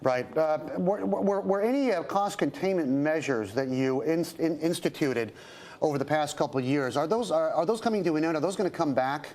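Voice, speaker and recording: Rambling, joking TV news anchor. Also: male voice, on the high side, animated, normal speed, a little mellow. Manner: rambling, joking questions with restarts. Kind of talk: business news interview. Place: television studio.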